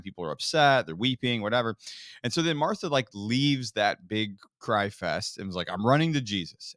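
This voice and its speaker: Male podcast co-host, animated storyteller, expressive pitch, dry studio mic. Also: dry recording. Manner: animated storyteller, acts out quotes. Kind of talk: casual faith podcast teaching.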